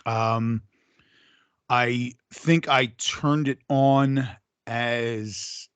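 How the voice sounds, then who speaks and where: A man's voice: medium pitch, steady tone, drawn-out words, a bit bright, smooth, no echo. A man co-hosting a casual podcast, speaking bluntly and swearing freely. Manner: blunt and profane. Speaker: podcast co-host.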